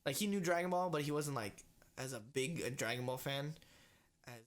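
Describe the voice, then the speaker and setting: With a medium-pitched voice at a moderate pace, this young podcast co-host tells stories in casual chat. He's animated, says "like" constantly, and doesn't hold back on cursing.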